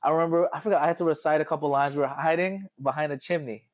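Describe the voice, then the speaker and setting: Young male podcast host, a fairly high voice, animated storyteller who slips into impressions. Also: rapid-fire. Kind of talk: casual chat.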